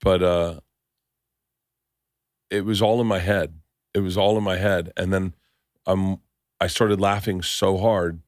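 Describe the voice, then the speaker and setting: This is a middle-aged man with a lowish voice, talking with a guest on a podcast in a rambling, jokey way that gets excitable. He sounds dry and close to the mic, with no room around him. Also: slow pace, pauses often, dry recording. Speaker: podcast host. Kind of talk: casual chat.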